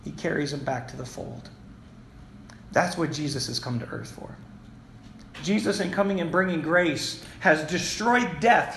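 A man's voice: on the high side, a bit bright, slight background noise. A male pastor preaching a sermon in an emphatic, repetitive style, calling out to his congregation. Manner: emphatic, repeats key phrases, addresses the congregation. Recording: echoey room with faint ambience.

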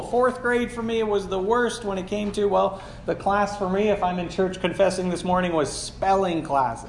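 A man's voice: high-pitched, creaky, roomy sound, a little hiss or hum. A man in his forties, a pastor, preaching a conversational sermon full of rhetorical questions.

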